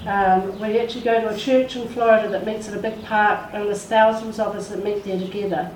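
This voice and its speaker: A woman's voice: medium pitch, steady tone, a little fast, a little mellow. Woman sharing a heartfelt testimony from the pulpit, recorded from afar in a reverberant space. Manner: emotional storytelling, acts out quoted voices. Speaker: church speaker sharing a testimony. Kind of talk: testimony in a church service. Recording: echoey room, far from the mic, faint noise.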